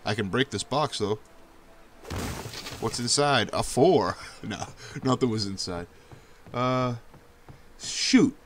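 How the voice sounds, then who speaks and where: A young man casually narrating his own gameplay, swearing often and breaking into high yelps when danger shows up. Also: slow pace, pauses often, fairly bright tone, a little hiss or hum. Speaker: gameplay commentator. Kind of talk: casual let's-play commentary.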